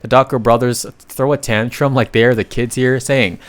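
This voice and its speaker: A man narrating a comic recap in a casual, chatty way, with sudden loud bursts and slangy asides. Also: medium pitch, steady tone, moderate pace.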